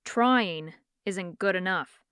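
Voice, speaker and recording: A stern, scornful demon hunter speaks low and hushed, as a woman narrator puts him on. His lines come out curt and condescending. The smooth, dry studio read keeps every clipped word close. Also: takes it slowly, no echo.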